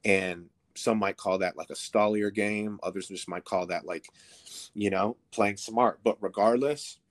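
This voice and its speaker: A man's voice: on the low side, fairly even intonation, a little slow. A man in his thirties, a podcast guest, telling a story casually with lots of swearing and fillers. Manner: profane, rambling, filler-heavy.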